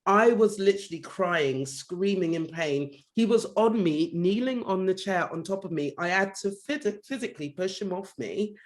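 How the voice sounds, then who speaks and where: Animated man telling stories from London. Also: high voice, normal speed, hardly any pauses. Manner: animated storytelling, swears when recounting anger. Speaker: podcast co-host. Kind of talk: casual chat.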